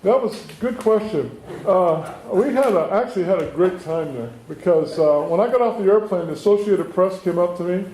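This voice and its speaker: A man's voice: high voice, expressive, normal speed, hardly any pauses, warm tone. A middle-aged man, a state assemblyman, giving a folksy town hall speech full of rhetorical questions to residents. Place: community meeting room. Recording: echoey room, faint background noise.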